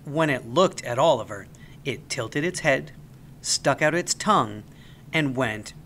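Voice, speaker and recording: A man reading a children's story aloud as the storyteller, with an expressive, animated delivery. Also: medium pitch, measured pace, a little hiss or hum.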